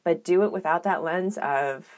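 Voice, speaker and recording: A woman co-hosting a podcast, talking in a thoughtful, earnest and measured way in a reflective conversation. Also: on the low side, darkish tone. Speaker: podcast co-host.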